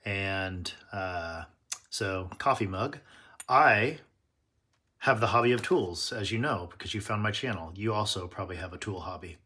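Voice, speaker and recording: A man's voice: on the low side, normal speed, pushed and bright. A man hosting his tool channel, chatting casually and nerdily through an unboxing and correcting himself as he goes. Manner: chatty, nerdy, self-correcting.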